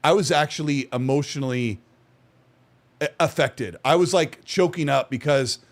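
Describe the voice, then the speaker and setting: A man's voice: on the high side, moderate pace. A man hosting a casual gaming podcast, talking defensively with frequent restarts. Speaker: podcast host.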